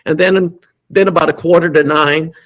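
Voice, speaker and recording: A man who is a guest musician, telling lively anecdotes in an interview and acting out the quotes. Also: on the high side, moderate pace, low-quality recording. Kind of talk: storytelling interview.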